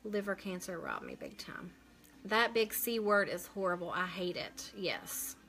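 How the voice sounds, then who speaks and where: A woman's voice: on the low side, huge pitch swings, measured pace, a bit bright, faint music behind. A woman hosting a casual live makeup stream, chatting as she works and answering viewer comments aloud.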